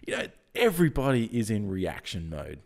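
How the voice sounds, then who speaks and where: A man, croaky from the early hour, talking with energy as a podcast guest and often restarting his sentences. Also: lowish voice, sing-song, fairly quick, darkish tone. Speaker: guest, software founder. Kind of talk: casual podcast interview.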